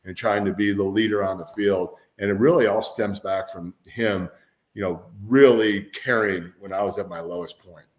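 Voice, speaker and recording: A man's voice: lowish voice, fairly even intonation, normal speed. A man answering as an interview guest, speaking in an earnest, reflective way. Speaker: guest, former football player.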